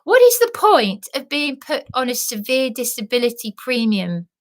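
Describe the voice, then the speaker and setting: A woman's voice: on the high side, big pitch swings, normal speed. A woman delivering an agitated vlog rant, repeating and restarting herself for emphasis. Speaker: vlogger. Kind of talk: emotional monologue rant.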